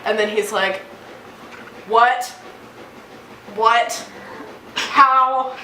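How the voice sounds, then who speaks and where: A woman casually retelling a story with toys, giggling often and acting out the characters in quick voices. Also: a little high, sharp tone. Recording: echoey room, distant mic, background noise.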